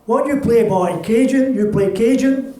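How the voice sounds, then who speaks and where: Read aloud as a storybook figure, a man doing a folksy old grandmother who plays accordion, teasing and bossy, pitched well above his own voice and pushed out with extra force. It carries the roomy, distant sound of a live reading in a hall. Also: unhurried, mellow, close to an everyday voice. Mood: commanding. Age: older.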